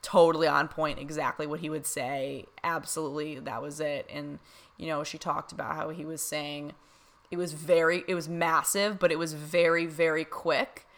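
A woman's voice: deep voice, level tone, moderate pace, fairly bright tone. A young woman chatting casually to camera, filling her talk with "you know" and "like" and laughing often. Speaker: vlogger recounting a reading. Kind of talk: casual chat.

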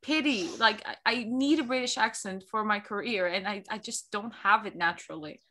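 A young woman from Portugal co-hosting a book podcast, chatting in a lively, self-mocking way. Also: mid-range voice, moderate pace. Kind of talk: casual chat.

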